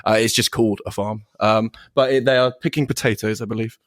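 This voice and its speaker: A young man with a British accent hosting an interview over a video call, polite and quick to laugh, careful not to offend. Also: on the low side, fairly even intonation, fairly bright tone. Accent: British English. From United Kingdom. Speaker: podcast host.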